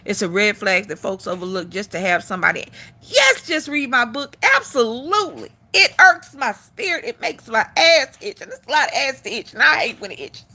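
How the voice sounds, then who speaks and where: A woman's voice: a little high, sing-song, moderate pace, bright, forceful tone. A middle-aged woman hosting a live stream, giving blunt, profane opinions in casual talk.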